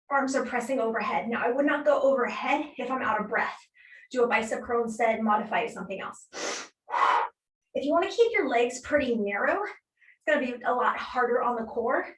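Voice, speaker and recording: A woman with a fairly high voice coaches a workout class, counting reps and cheering people on while she exercises along, a little breathless. She is heard from some way off the mic, in an echoey room. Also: far from the mic. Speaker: fitness instructor. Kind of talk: live workout class instruction.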